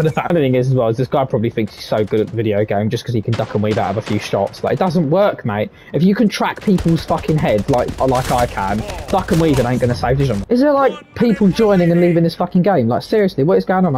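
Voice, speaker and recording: A man's voice: medium pitch, warm tone. A young man doing gameplay commentary, boasting, swearing and trash-talking nonstop. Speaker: gaming YouTuber.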